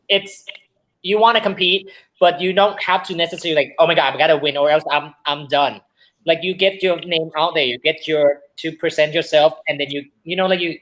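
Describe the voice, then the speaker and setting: Animated drag queen telling pageant stories. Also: low voice, rough recording. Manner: animated storyteller, acts out quotes loudly. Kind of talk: casual chat.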